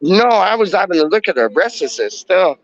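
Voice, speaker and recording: A man's voice: sits high, expressive, moderate pace, creaky, lo-fi sound. A man with an East London accent hosting casual video chats with strangers, slangy and repetitive, hyping people up. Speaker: host chatting with strangers on video call.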